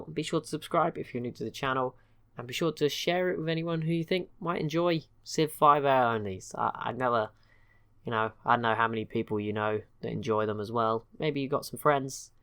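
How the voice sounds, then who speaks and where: A man's voice: mid-range voice, fairly bright tone, clear, resonant tone. A man hosting a gaming channel, giving casual, rambling, self-mocking commentary over a strategy game.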